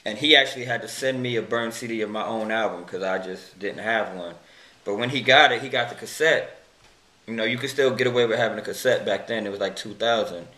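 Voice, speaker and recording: Man telling a story, echoey room. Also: fairly quick. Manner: animated, acts out quoted friends in a higher voice. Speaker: interview guest, rapper. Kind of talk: casual storytelling in an interview.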